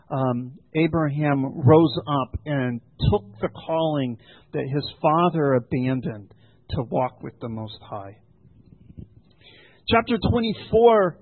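A man preaching a sermon, explaining scripture in a measured way with frequent ums and pauses. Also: fairly high pitch, husky, dry recording. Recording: dry, tinny phone-like sound.

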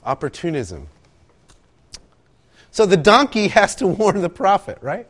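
A man preaching a sermon, telling stories with animated asides and acting out quotes. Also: sits high, measured pace, husky. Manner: animated storytelling, acts out quotes, laughs often. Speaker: pastor.

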